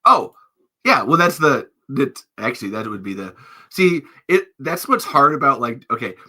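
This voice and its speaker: Male podcast host, rambly and giggly, very bright tone. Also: mid-range voice, moderate pace. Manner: rambling, animated, laughs often. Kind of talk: casual chat.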